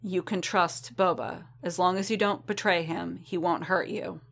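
Woman doing a calm, firm warrior guy, low-key, soothing someone. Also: moderate pace, creaky. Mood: reassuring. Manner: firm and reassuring. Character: calm, steady male armored warrior.

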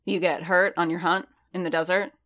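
A woman voicing a gruff, suspicious male warlord who speaks bluntly. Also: on the low side, little pitch movement, fairly quick, fairly bright tone, close to an everyday voice.

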